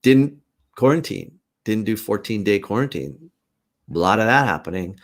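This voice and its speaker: A man talks on his own live stream in a slightly low voice. He speaks earnestly and haltingly, circling back as he thinks aloud, picked up by a computer mic. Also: animated. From Canada. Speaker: host. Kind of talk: casual live-stream monologue.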